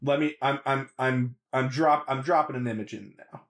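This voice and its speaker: A man co-hosting a casual comedy podcast, animated and laughing often. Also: medium pitch, moderate pace. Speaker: podcast co-host.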